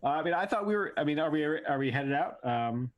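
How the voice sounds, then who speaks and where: A man's voice: fairly high pitch, lively intonation, fairly quick, highs cut off. A man playing in a tabletop game, talking casually in a hesitant, rambling way with many restarts. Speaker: player.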